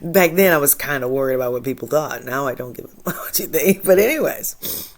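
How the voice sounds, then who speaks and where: A woman hosting her own spiritual channel, talking casually and with feeling, laughing often and swinging from soft to loud. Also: a bass voice, expressive, fairly quick. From Michigan. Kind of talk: casual inspirational monologue.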